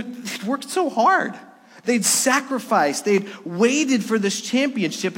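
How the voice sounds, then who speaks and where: A middle-aged man delivers a sermon in a somewhat high voice, building to emphatic peaks and then dropping to hushed, intimate lows. His voice rings out with a long reverb, as if in a church sanctuary. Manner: preaching with rising emphasis and soft, hushed lows. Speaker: pastor.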